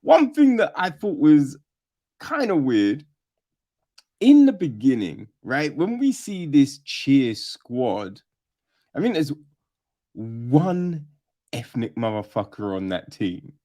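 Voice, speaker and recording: A podcast host with a lively voice chats casually in a film review, speaking slowly with frequent pauses. He's animated and profane, mimics characters in mocking high voices, and keeps tossing in "right?" and "you know what I mean?"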